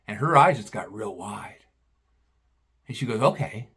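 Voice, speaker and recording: A man's voice: fairly low pitch, expressive, measured pace, sharp tone, slightly rough. A retired butcher in his sixties telling a rambling, profane story about a customer. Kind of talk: casual storytelling.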